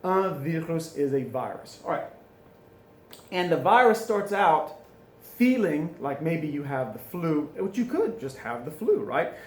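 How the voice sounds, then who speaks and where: A man teaching French in a classroom, chatty and informal, repeating phrases slowly for students to drill. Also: on the high side, big pitch swings, reverberant, a little hiss or hum. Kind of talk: recorded classroom lesson. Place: classroom with a board.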